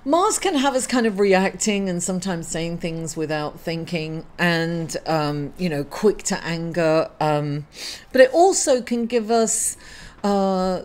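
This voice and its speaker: Middle-aged woman host, grieving, halting astrology talk to camera, apologetic, full of fillers and restarts. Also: mid-range voice, darkish tone. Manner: halting and apologetic, many fillers and self-corrections. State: grieving, emotional. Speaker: astrology reader and channel host. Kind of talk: casual weekly astrology reading to camera.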